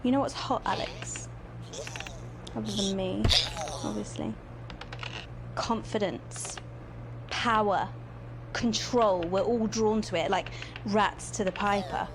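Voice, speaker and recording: A sly female TV host who purrs and mocks, egging the listener toward mischief. She taunts in a teasing, mid-pitched voice. A steady hiss of noise sits under her words in this video game scene. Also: takes it slowly, pauses often. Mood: taunting. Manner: teasing, mocking, purring. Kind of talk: video game live-action acting.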